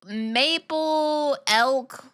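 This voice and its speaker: Bright giggly girl streamer chatting with chat, slow and easy, kinda teasing. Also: sits high. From Long Island, New York. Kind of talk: casual chat with live chat.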